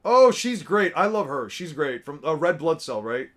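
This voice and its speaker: A man with a slightly high voice talks loosely and profanely. He rambles and mutters names to himself as he reacts, in an offhand, unscripted way. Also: very animated, moderate pace, a bit bright. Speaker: streamer reacting to artwork. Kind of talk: casual commentary.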